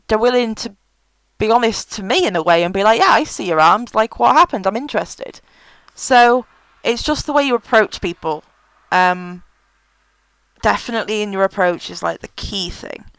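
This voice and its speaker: A woman's voice: medium pitch, clean tone, dry recording, low-quality recording. A woman giving frank, chatty advice in a casual vlog, with many fillers. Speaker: vlogger.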